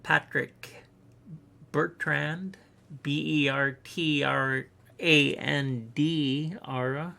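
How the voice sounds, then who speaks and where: Gravelly voice, very slow, bright edge, halting live-stream host. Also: medium pitch, steady tone. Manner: hesitant, halting, with many fillers. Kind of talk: casual live-stream chat.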